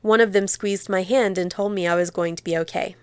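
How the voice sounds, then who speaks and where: A woman teacher reading aloud from a memoir excerpt in a measured, expressive storytelling manner. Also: mid-range voice, clear, resonant tone, no echo.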